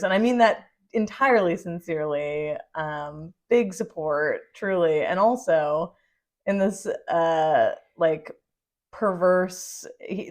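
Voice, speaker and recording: A woman co-hosting a film podcast in casual chat, lively, swearing freely and laughing often. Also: lowish voice. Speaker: podcast co-host.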